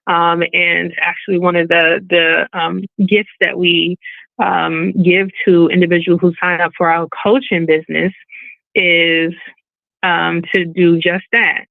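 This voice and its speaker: A woman's voice: on the low side, flat delivery, unhurried, vocal fry, no room sound. A woman giving a casual online presentation as a business owner, chatty and full of fillers, acting out quoted voices. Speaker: webinar presenter and balloon event business owner. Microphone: video call. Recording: phone-like webinar audio, dry.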